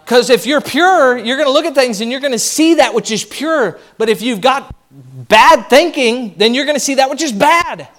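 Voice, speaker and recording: A man preaching a sermon as pastor, animated and lively, acting out the voices of people he quotes. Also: very high voice, normal speed.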